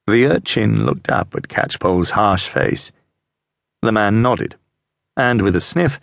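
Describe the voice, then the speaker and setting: A male audiobook narrator, telling a historical mystery in a measured, expressive way. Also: lowish voice, creaky, dry recording. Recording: dry close studio mic.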